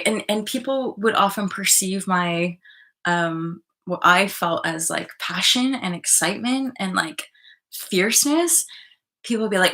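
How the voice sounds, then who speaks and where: A woman's voice: medium pitch, unhurried, bright, forceful tone. A woman hosting a live online stream, talking passionately in a rambling way, swearing and reading out viewer comments.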